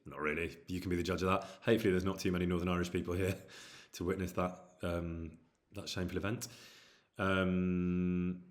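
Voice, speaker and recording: A man's voice: low-pitched, flat delivery, brisk. A man streaming casually, reading out viewer questions and answering them in a rambling way with many hesitant fillers. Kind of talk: casual live-stream chat.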